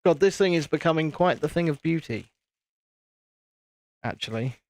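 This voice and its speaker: A man's voice: a little high, animated, normal speed, a little mellow, no room sound. A man, hosting a casual live stream, chatting and teasing while he builds a model. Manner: chatty, teasing, self-deprecating.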